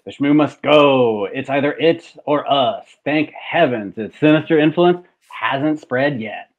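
A man's voice: medium pitch, lively intonation, unhurried. A man voicing a greedy, gloating male industrialist in a hammy comic reading. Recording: tinny phone-like video call.

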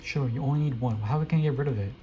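A young man giving live, excitable commentary while playing a video game, often repeating quick exclamations. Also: mid-range voice, lo-fi sound, slight background noise. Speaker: gameplay streamer.

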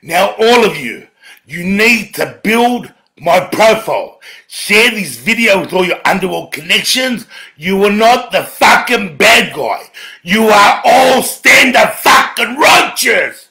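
Gravelly, shouty Australian man ranting. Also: animated, slow pace. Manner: profane, swinging between low mutters and shouted tirades. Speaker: video ranter. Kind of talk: angry monologue to camera.

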